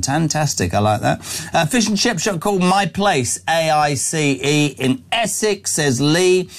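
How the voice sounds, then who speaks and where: A man hosts a phone-in radio show with a slightly raised voice. He talks in a blunt, emphatic, matey way, calling listeners mate and buddy. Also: fairly high pitch. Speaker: radio talk show host.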